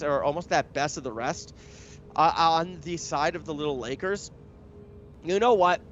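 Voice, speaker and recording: A man's voice: fairly high pitch, lo-fi sound, slight background noise. A young man giving live commentary on an esports match, chatty and analytical, speeding up when the action heats up. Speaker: esports caster.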